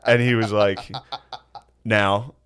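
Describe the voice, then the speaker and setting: Man, lowish voice, podcast host, casual chat, crude stories, laughs at own jokes. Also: a little fast, crowd noise.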